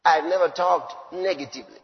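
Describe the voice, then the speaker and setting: A man preaching a sermon, emphatic, swinging between loud declarations and low asides. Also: fairly quick, in a large hall, lo-fi sound.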